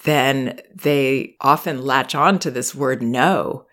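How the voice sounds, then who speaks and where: Low-voiced woman hosting a parenting podcast. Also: takes it slowly, few pauses, a bit bright. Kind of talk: solo advice podcast.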